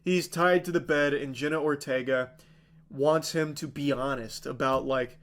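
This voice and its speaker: Male streamer, slightly high voice, sarcastic and fed-up, casual, profane, rambling recap delivery. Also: steady tone, a little slow. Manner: sarcastic, exasperated, swears freely; rambling with many fillers like "like".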